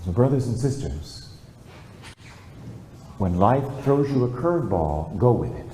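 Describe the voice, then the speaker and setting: Older man, priest preaching, lively storytelling voice, mellow tone, echoey room, faint background hum. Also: mid-range voice, measured pace. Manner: storytelling, calls for amens. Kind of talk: sermon.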